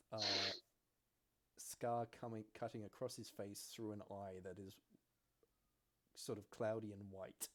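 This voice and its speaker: A man running a tabletop game as game master, narrating in a measured way and often breaking into laughter. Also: fairly low pitch, little pitch movement, a bit bright.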